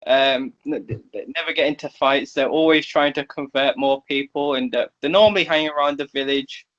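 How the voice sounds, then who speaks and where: A man describing his character in a tabletop game, halting and searching for words. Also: mid-range voice, fairly bright tone. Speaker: player. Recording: dull lo-fi recording.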